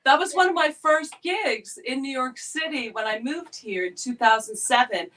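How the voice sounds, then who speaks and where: A woman in her thirties speaks in a transatlantic accent with a somewhat high voice. She tells her stories with animated energy and laughs often as a guest in a relaxed chat. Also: normal speed, slight background noise. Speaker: guest performer. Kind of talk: casual chat.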